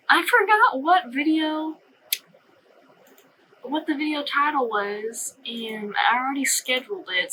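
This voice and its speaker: Bright-voiced woman chatting casually in a vlog. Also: mid-range voice, a little hiss or hum, low-quality recording. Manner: rambling, self-interrupting, laughing at herself. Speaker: comic artist vlogger.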